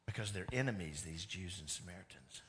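A man preaching a sermon as pastor, animated, moving between loud emphatic lines and hushed ones. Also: low-pitched, brisk, slight background noise.

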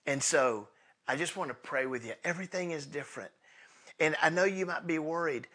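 A man preaching a sermon in a casual, conversational way, swinging between loud bursts and hushed asides as he tells the story. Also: fairly high pitch, a little fast, husky. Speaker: pastor.

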